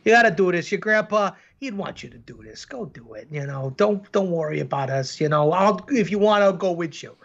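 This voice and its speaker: A man's voice: high voice, lively intonation, brisk, vocal fry, few pauses, fairly bright tone, exaggerated voice. Guy putting on a long island uncle voice, pushy but caring, new york accent, kinda lo-fi. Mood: urging. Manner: insistent, coaxing.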